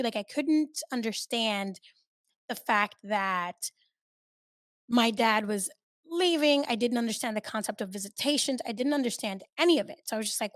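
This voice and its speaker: A woman hosting her own podcast, talking in a candid, chatty way that swings between loud and soft and swears freely. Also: mid-range voice, moderate pace, dry recording, studio quality. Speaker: podcast host. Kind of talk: casual solo podcast chat.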